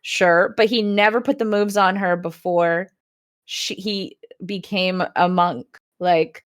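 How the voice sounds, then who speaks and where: A woman's voice: lowish voice, fairly even intonation, slow pace. A woman co-hosting a book club podcast, chatting casually and frankly about a novel with frequent laughter. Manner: wry, laughs often, frank.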